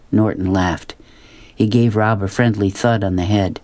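A man narrating a storybook in a steady, plain reading voice. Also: lowish voice, moderate pace, no echo.

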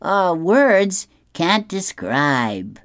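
A man's voice: a little high, fairly even intonation, clear, resonant tone, dry recording, clean studio sound, voice pushed up. A man voicing a tactful, awkward young man courting a girl in a comic strip. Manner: slow, tactful, polite.

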